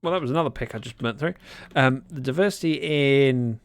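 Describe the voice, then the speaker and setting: A man's voice: medium pitch, fairly quick, smooth. A British man chatting casually on a game livestream, reading viewer messages aloud with dry, self-mocking humour. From Britain. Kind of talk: casual livestream chat while gaming.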